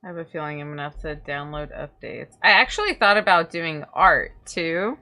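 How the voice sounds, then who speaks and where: A woman's voice: sits low, moderate pace, sharp tone, faint music behind. A woman chatting casually on a livestream as a VTuber, giggling and rambling playfully to herself and her viewers. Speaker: VTuber streamer.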